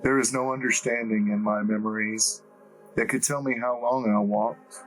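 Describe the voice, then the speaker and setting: A man reading a first-person story as an audiobook narrator, in a measured, deliberate way. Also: medium pitch, fairly even intonation, fairly bright tone, faint music behind, low-quality recording.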